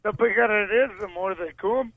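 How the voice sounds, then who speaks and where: A hoarse man from Scotland calling in, bragging in crude, profane tough-guy banter, his voice cracking. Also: sits high, steady tone, fairly quick, narrow, tinny audio. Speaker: caller. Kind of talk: crude comic call-in banter.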